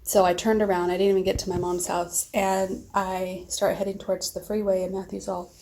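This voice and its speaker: A woman's voice: mid-range voice, little pitch movement, fairly quick, few pauses, a little mellow. A middle-aged woman vlogging, telling a friend a long personal story in a rambling, emotional way.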